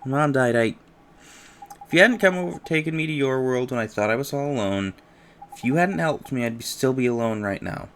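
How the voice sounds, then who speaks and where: A game player voicing an earnest, gentle young boy hero who speaks softly and hesitantly, reading game dialogue aloud. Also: mid-range voice, animated, brisk, a little hiss or hum, lightly acted.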